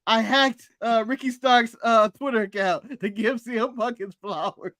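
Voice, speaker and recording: Very high-voiced, bright American man. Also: steady tone, no echo, studio quality. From United States. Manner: laughs often, playful, does quick mock voices. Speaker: podcast co-host. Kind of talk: casual wrestling recap chat.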